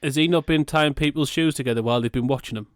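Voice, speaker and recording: A man's voice: a little high, quick pace, dry recording, studio quality. A man co-hosting a podcast, riffing in a sweary, playfully exaggerated way. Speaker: podcast co-host. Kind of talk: casual comedic chat.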